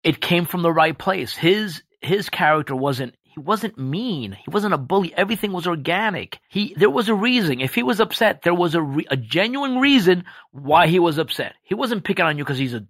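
Animated joking man on a podcast. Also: high-pitched, moderate pace, hardly any pauses, dry recording. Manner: animated, jokey, slips into impressions. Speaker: podcast guest, actor. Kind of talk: casual podcast chat.

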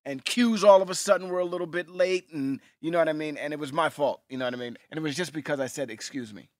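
A man chatting casually on a podcast in a laid-back, slangy way, often trailing off quietly. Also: a little high, quick pace, no echo. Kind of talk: casual chat.

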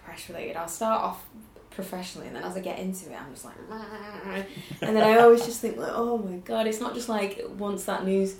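A woman's voice: medium pitch, brisk, gravelly, a crowd in the background. A woman, a designer and illustrator, chatting as a guest in a self-deprecating way with frequent laughter. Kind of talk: casual chat. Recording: echoey room with faint hiss.

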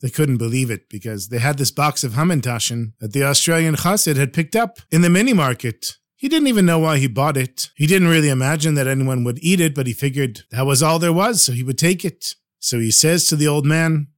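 A man's voice: fairly high pitch, brisk, few pauses, no room sound, studio quality. A man telling religious stories on a podcast, preaching a little and addressing listeners fondly. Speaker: storyteller. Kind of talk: podcast storytelling.

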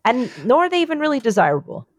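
A woman co-hosting a podcast in casual chat, rambling excitedly and swearing freely. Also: high-pitched, fast, dry recording, studio quality. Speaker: podcast co-host.

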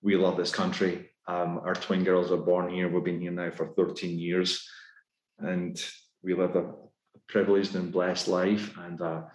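A man with a Scottish accent, a guest talking in a casual podcast interview, brisk and upbeat with lots of fillers. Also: deep voice, little pitch movement, darkish tone. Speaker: guest executive. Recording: roomy echo.

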